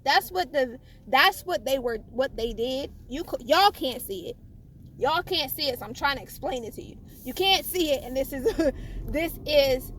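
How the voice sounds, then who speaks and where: A woman preaching informally about her faith in a fervent, halting way, often repeating and restarting phrases and chuckling. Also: high voice, fairly bright tone, a little hiss or hum. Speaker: spiritual vlogger.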